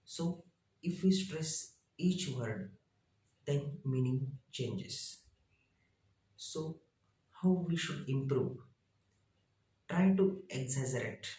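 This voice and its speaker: A man, a teacher reading his lesson out slowly in short, halting phrases. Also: a little high, darkish tone, echoey room, rough recording. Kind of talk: reading lesson slides aloud.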